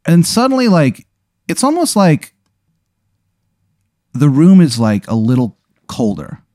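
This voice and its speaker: A man's voice: a little high, huge pitch swings, a little slow, mellow, no room sound, studio quality. A man narrating an improvised role-play as game master, chatty and often laughing.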